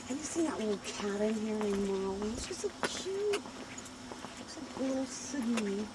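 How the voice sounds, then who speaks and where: A woman's voice: on the high side, lively intonation, measured pace, very noisy. A woman chatting casually and animatedly on a home video, laughing easily. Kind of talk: casual chat.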